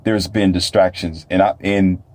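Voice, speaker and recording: Here a man speaks low and unhurried, his darkish tone barely moving in pitch. It's a casual solo monologue from a self-published author and talk host: rambling, preachy, with bursts of raised-voice mockery aimed at imaginary doubters.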